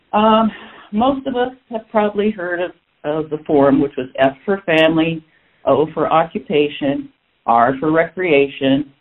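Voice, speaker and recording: Middle-aged man, fairly high voice, animated self-mocking storyteller, thin phone-like sound. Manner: animated, self-mocking, jumps up in pitch for emphasis. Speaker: speaker telling a personal story. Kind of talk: lively storytelling talk. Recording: tinny phone-like audio.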